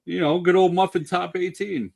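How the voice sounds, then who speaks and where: A man's voice: high-pitched, fairly even intonation, normal speed, vocal fry, darkish tone. A man co-hosting a casual podcast, telling stories and swearing freely. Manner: profane, storytelling, laughing. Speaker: podcast co-host. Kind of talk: casual banter.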